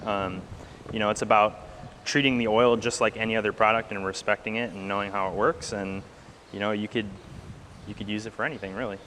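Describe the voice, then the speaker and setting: Fast-talking chef with a lower voice. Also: male voice, a little hiss or hum. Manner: quick, relaxed, lots of fillers. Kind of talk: cooking demonstration talk.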